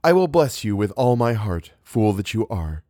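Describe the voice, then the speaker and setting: A man reading a novel aloud, voicing a cynical young woman who teases softly and sounds weary. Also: lowish voice, very animated, moderate pace, no room sound, studio quality. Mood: tormenting. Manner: soft, tormenting, weary.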